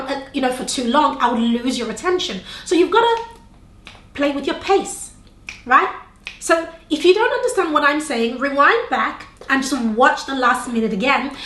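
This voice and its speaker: Animated high-voiced woman coaching on camera. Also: echoey room. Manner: animated, varies tone and pace on purpose, asks viewers questions. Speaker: video presentation coach. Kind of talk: on-camera teaching tips. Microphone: camera facing speaker.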